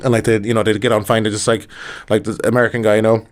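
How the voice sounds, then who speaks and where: A man's voice: fairly low pitch, little pitch movement, rapid-fire. A man co-hosting a podcast, rambling and restarting his sentences in casual chat. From Ireland. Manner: rambling, hesitant, many restarts. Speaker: podcast co-host.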